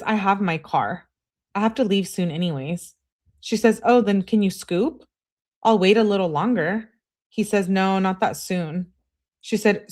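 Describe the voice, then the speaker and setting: A woman hosts a live reading, reading out each text message with its speaker tag and then commenting on it. Her voice sits at an average pitch, and she talks to her chat between messages. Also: darkish tone. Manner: reads messages aloud with speaker tags, breaks off to comment and greet chat. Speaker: true-crime channel host.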